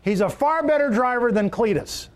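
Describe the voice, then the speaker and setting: A man preaching a sermon, emphatic, repeating key phrases and swinging his pitch for stress. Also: animated, moderate pace. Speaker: pastor.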